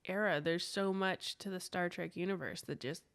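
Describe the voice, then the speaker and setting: A woman's voice: fairly low pitch, fairly even intonation, moderate pace. A woman co-hosting a podcast in casual chat, with dry, teasing remarks. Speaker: podcast co-host.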